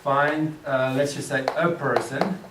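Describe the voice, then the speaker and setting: A man's voice: medium pitch, fairly even intonation, a little slow. A man teaching a class, thinking aloud and putting questions to his students. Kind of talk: classroom lecture. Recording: echoey room, distant mic, clear background noise.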